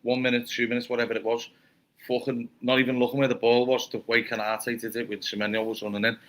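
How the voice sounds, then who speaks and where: Bright-voiced scouse football show host. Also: male voice, mid-range voice, little pitch movement, fast talker. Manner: sweary, chatty, leads the talk. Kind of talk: casual football chat.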